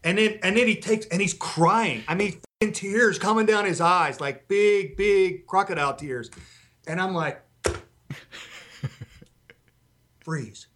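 Blunt profane middle-aged veteran storyteller. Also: male voice, sits high, moderate pace, a bit bright. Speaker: former Special Forces instructor. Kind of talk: podcast storytelling.

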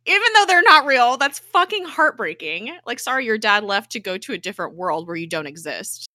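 A woman's voice: fairly high pitch, no echo, studio quality. A young woman co-hosting a casual podcast, recapping a TV episode, swearing freely and acting out the characters' lines. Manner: animated, swears freely, acts out characters' lines in quick voices. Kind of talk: casual chat.

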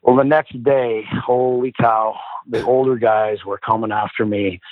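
Heard over a dry, phone-like line with no room sound, a middle-aged man who once played hockey spins stories as a guest in an unhurried, mid-range voice. He's animated and profane, performing the people he quotes.

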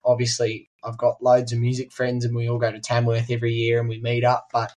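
Teen aussie guy chatting on a podcast, keeps restarting sentences, average pitch. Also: completely flat delivery, fairly quick, a little mellow. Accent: Australian. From regional New South Wales, Australia. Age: teens. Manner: chatty, frequent ums and restarts. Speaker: guest musician. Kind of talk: casual interview chat.

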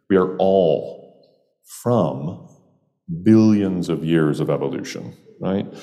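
Wry deep-voiced male storyteller. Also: warm tone, in a large hall. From Jamestown, New York, US. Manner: wry, meandering, playful digressions. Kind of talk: humorous personal storytelling.

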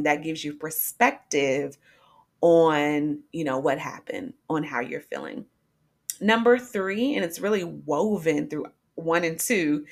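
A young woman with a low, gravelly voice hosts a faith-based podcast. She speaks earnestly and casually, with plenty of ums and restarts. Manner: earnest, conversational, frequent fillers. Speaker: podcast host.

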